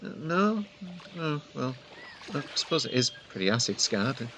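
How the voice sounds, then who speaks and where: A man's voice: medium pitch, moderate pace, bright, forceful tone, slight background noise. A man role-playing a flustered TV host while narrating a game, hesitant and full of fillers, with a dry wry humor. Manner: rambling, hesitant, lots of fillers. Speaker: let's play narrator in character as a TV host. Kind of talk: in-character game commentary.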